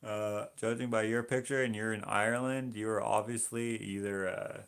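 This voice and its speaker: A man's voice: lowish voice, steady tone, moderate pace, gravelly, a bit bright. A man hosting a live painting stream, reading viewer comments aloud and joking with them. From Canada. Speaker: livestream host painting. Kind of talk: casual livestream chat reading comments.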